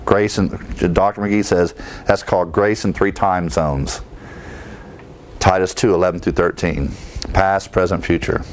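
A male preacher works through Bible verses one by one, explaining them, putting rhetorical questions to his listeners, and often pausing to restart. He has a deep, steady voice, and a little hiss or hum is audible.

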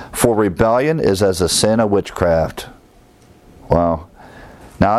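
Male pastor, low-voiced, evening Bible teaching, dry close sound, lively commentary. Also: dry recording. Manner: reads scripture aloud with plain-spoken commentary.

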